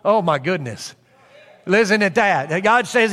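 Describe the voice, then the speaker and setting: A man's voice: high-pitched, expressive, measured pace, a bit bright, in a large hall. A man preaching a sermon in an earnest way, repeating phrases for emphasis with frequent fillers.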